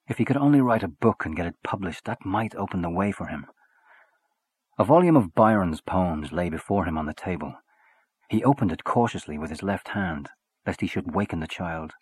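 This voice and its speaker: A man reading a short story aloud in a measured, expressive narrating voice that sounds husky. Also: low-pitched, dry recording.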